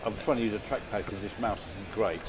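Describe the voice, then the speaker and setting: A man's voice: on the low side, quick pace. A middle-aged man reading out viewer messages and teasing his co-hosts in casual chat. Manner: light, joking, teasing.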